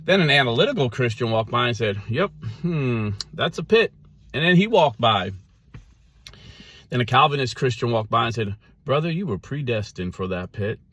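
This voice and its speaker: A man preaching by telling a parable, lively in the story and slowing down softly toward the end. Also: mid-range voice, breathy edge. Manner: lively storyteller, quick character voices, slows and softens for the ending. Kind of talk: storytelling sermon.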